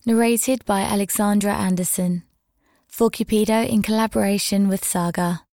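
A woman narrating a scripted audio story with a steady, even reading. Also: mid-range voice, moderate pace, dry recording, studio quality.

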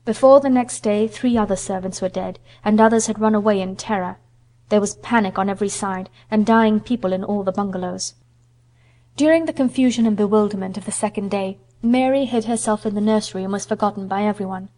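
A woman in a mid-range voice narrates a classic novel as an audiobook, her reading measured and expressive.

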